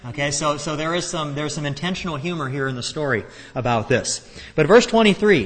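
A man's voice: a little high, animated, a little fast. Earnest man teaching in a reverberant hall. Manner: conversational, earnest, stammers on restarts. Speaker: Bible teacher. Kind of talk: expository Bible teaching.

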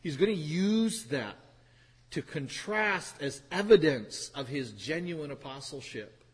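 A man preaches a sermon in a slow, husky, slightly high voice with lively intonation, and the hall adds reverb. Teaching from scripture, he repeats phrases emphatically and drops wry, sarcastic asides.

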